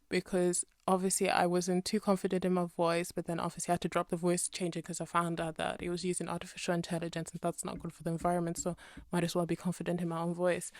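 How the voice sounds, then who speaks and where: A woman's voice: lowish voice, darkish tone, dry recording, studio quality. A woman in her twenties from the Birmingham area, speaking British English with a slight American twang, chatting and rambling over a game voice-over. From Birmingham area, England. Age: 20s. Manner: chatty, rambling, self-correcting, laughs often. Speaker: Sims speed-build creator. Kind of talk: casual voice-over chat.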